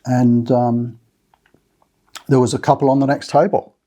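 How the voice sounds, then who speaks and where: Australian man, dark husky voice. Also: medium pitch, level tone, measured pace. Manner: rambling, many fillers and restarts. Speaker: Camino walking channel host. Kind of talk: casual talk to camera with notes.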